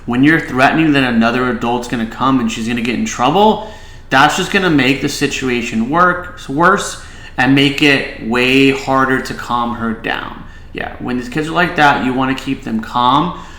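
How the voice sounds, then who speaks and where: A man's voice: mid-range voice, moderate pace, sharp tone, roomy sound, low-quality recording. A man, a child behavior specialist, giving casual reaction commentary and advice, with many filler "likes".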